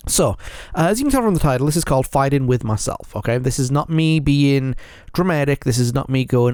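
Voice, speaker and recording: A man's voice: mid-range voice, expressive, moderate pace, darkish tone, dry recording, studio quality. A man hosting his own podcast, talking frankly and at length on his own, repeating himself and often checking in with his listeners. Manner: rambling, repeats himself, keeps checking in with "okay?"; frank and earnest. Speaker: podcast host. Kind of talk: solo confessional podcast monologue.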